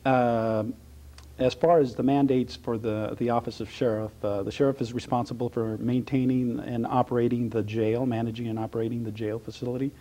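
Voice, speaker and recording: A middle-aged man with a slight Texas accent, a county sheriff giving halting, measured interview answers full of "uh" pauses. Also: mid-range voice, flat delivery, dark tone. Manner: halting, many uh fillers, measured.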